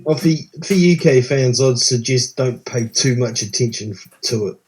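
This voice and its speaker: A man's voice: medium pitch, moderate pace, a little mellow, poor audio. A man joining a live boxing chat as a guest, giving frank, matter-of-fact opinions. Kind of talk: casual live-stream chat.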